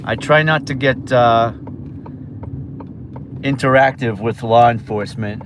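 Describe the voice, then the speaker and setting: Lo-fi sound and background noise surround this New York delivery driver's mid-range, measured voice. He rambles casually with chat viewers on a phone-camera livestream, filmed from his car and a store.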